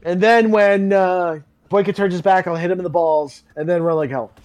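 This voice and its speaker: A man's voice: high voice, fairly even intonation, normal speed, a little mellow. A man co-hosting a film podcast, trading crude jokey banter in casual chat. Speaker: podcast co-host.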